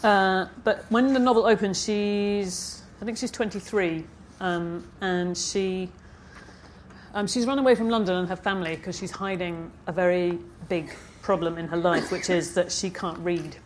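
A woman's voice: on the low side, fairly even intonation, normal speed, slight background noise. Novelist reading her own work aloud, woman. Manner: chatty asides with fillers between readings. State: frog in her throat. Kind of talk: author reading at a live event. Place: festival stage.

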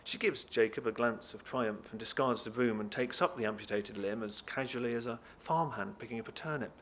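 A man reading a novel aloud to listeners, lively and expressive. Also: medium pitch, a little fast, a little hiss or hum. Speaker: reader.

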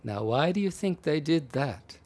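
A man reading aloud and voicing a weary, deadpan male policeman on the night desk in a storybook. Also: fairly high pitch, a little slow.

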